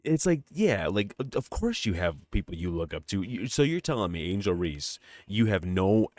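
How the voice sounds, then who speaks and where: Lively low-voiced man co-hosting a podcast. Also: normal speed, dry recording. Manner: animated, laughing, swearing, mock voices. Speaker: podcast co-host. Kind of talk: casual chat.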